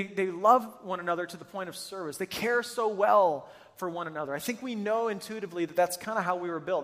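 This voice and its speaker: High-voiced pastor preaching in a reverberant hall. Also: male voice, fairly bright tone. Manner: storytelling, emphatic and earnest. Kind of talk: sermon. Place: church auditorium with hundreds present. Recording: long reverb of a large church hall.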